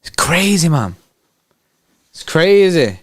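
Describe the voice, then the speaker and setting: A man hosting a live match watchalong, excitable and slangy as he chats with viewers. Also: fairly high pitch, slow pace, no echo, studio quality. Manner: excitable, slangy, banter with chat. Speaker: fan channel host.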